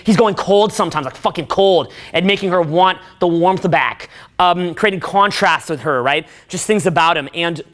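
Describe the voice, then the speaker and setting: A man giving a profane, excitable dating-advice rant, acting out movie scenes with sudden shouts. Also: high voice.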